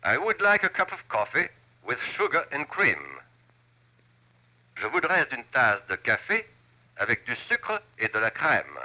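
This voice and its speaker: A precise French lesson record. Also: male voice, medium pitch, big pitch swings, bright, forceful tone. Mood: instructive. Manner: slow, precise drilling tone. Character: man reading lessons on a French language record. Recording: muffled language record with hum.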